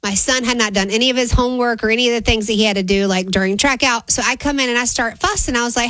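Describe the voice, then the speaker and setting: A woman radio host telling a story in a lively, expressive way. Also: on the high side, fast talker, hardly any pauses, no room sound, poor audio. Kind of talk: casual radio chat.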